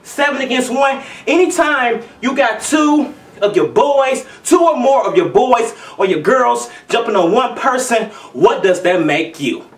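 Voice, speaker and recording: Man, ranting vlog, animated high voice, echoey room, distant mic. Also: a little slow, hardly any pauses. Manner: heated, emphatic, repeats himself. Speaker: vlogger.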